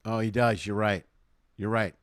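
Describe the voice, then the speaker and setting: A man's voice: fairly low pitch, steady tone, normal speed, a crowd in the background. A man from South Side Chicago hosting a live comedy talk stream, chatting casually, joking and laughing often. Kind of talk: casual chat.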